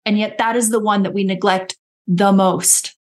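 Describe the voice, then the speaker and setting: A woman's voice: mid-range voice, steady tone, normal speed. A woman coach talking earnestly in a casual podcast conversation, often acting out her own inner dialogue in quoted voices. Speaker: guest coach.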